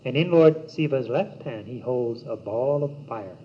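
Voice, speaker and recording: A man giving a yoga teaching talk in a slow, measured, meditative way, with long pauses between words. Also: mid-range voice, animated. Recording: dull old cassette tape with faint hiss.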